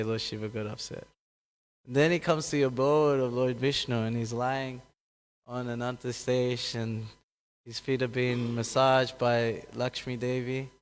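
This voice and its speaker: A man's voice: fairly even intonation, unhurried. Guy giving a scripture class, tells the stories casual, does little voices for the characters, long echo off the hall. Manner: acts out quoted characters with raised pitch, laughs often, corrects himself. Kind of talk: casual scripture talk with storytelling.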